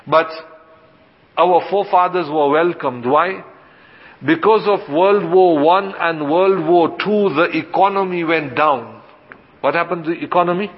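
A man, an imam, giving a sermon in a mosque, posing rhetorical questions and answering them himself. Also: on the high side. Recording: dull lo-fi sound with long hall reverb.

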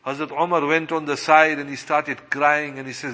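A man preaching a sermon with passion, slowing down to stress his points. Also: on the high side, flat delivery, bright, forceful tone. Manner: impassioned, slows for emphasis, acts out quoted voices. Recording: long hall reverb.

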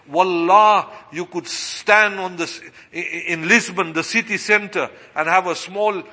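A man preaching a sermon as an imam, impassioned, swinging between loud exclamations and soft asides. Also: fairly high pitch, in a large hall.

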